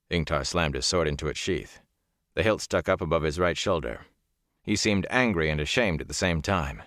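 Deep-voiced male audiobook narrator. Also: a bit bright, dry recording, clean studio sound. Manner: measured, dramatic storytelling. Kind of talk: scripted fantasy narration.

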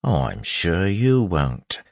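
A man voicing a sly male lawman posing as a thug, speaking low and soft with a quiet threat. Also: very animated, extremely slow, vocal fry, dry recording, heavily acted. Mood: soothing.

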